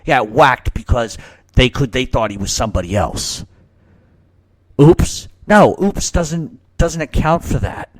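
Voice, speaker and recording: A man's voice: medium pitch, animated, a little slow, no echo. A man hosting a question-and-answer talk show, talking casually and ranting heatedly with lots of swearing. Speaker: mob talk show host.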